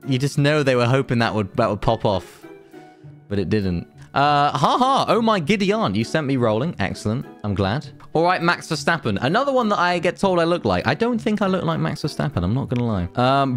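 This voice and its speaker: A man's voice: fairly high pitch, a bit bright. A young man doing a casual, jokey reaction video, reading viewer comments aloud and teasing them. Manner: jokey, reads comments aloud in mock voices.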